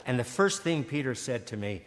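An older man preaching a sermon, earnest, stammering and repeating words, slowing and swelling on key phrases. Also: medium pitch, big pitch swings. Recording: long hall reverb.

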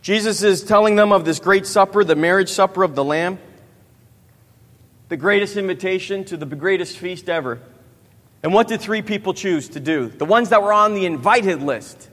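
Here a youth pastor in his thirties preaches at a moderate pace, his voice high and fairly bright. He asks the audience questions and tags plenty of lines with "right?", and the room's long hall reverb is clearly audible.

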